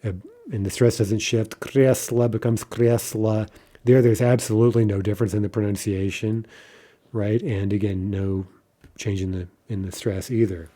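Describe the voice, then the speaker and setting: A man teaching a language lesson in a patient, explanatory way, often checking with "right?" and pausing on fillers. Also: lowish voice, fairly even intonation, mellow.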